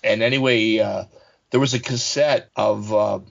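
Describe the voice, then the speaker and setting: A man's voice: lowish voice, fairly even intonation, normal speed, creaky. A man in his forties co-hosting a podcast in casual chat, telling rambling stories with lots of fillers. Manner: rambling storyteller, many fillers. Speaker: podcast co-host. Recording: slightly dull lo-fi audio.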